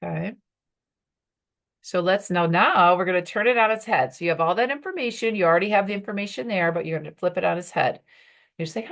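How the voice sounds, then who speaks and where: Leading a workshop for professional women, a woman speaks a little fast in a creaky voice on the low side. She keeps things conversational, using fillers and acting out snippets of dialogue.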